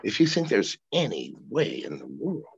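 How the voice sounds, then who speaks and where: A man's voice: lowish voice, wildly swooping pitch, normal speed, creaky, slightly rough, highs cut off. A man talking as a podcast guest over a video call, profane and rambling. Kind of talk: casual interview.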